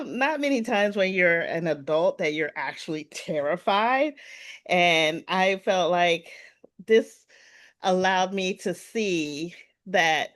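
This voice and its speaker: A woman speaking on a panel at an event, telling a personal story in a chatty, animated way and acting out what people said. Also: fairly low pitch. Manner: chatty, animated retelling with quoted voices. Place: event room with an audience.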